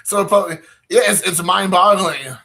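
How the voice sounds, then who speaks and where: Rambling man telling a story, bright voice. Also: high voice, unhurried, creaky. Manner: rambling, heavy use of "like" fillers, quoting himself and others. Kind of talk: casual anecdote storytelling.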